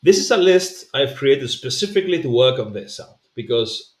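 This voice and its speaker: A man's voice: mid-range voice, very animated, normal speed. A man giving a pronunciation lesson as a language coach, explaining patiently with fillers and repeating sounds to demonstrate them. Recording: roomy echo.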